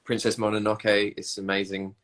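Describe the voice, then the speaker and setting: A man's voice: on the low side, monotone, moderate pace, fairly bright tone. A man, chatting casually on a livestream and answering viewer comments. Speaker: livestream host reading comments. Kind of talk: casual chat.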